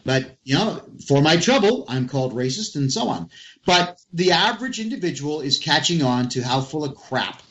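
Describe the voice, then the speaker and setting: A man's voice: fairly high pitch, lively intonation, moderate pace, a bit bright, lo-fi sound. A man hosting a casual political talk show, speaking emphatically in a ranting manner and addressing listeners directly.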